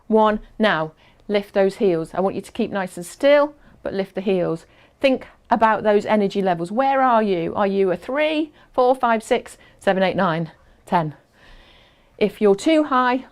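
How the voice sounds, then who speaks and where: Lady doing a chatty exercise class, slow and encouraging, bit puffed out. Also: mid-range voice, darkish tone. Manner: encouraging, chatty, counts down aloud. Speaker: fitness instructor.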